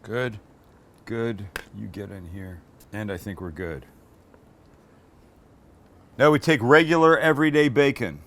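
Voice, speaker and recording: A man hosting a cooking show, walking through a recipe in a relaxed, joking way and bantering with the crew behind the camera. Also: on the low side, unhurried, pauses often. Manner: chatty, joking, teases his crew. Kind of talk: casual cooking demonstration.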